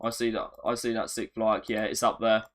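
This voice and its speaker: A man chatting on a live stream, excitable and self-mocking, often repeating himself. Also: fairly low pitch, fairly quick. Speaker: gaming streamer. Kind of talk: casual live-stream chat.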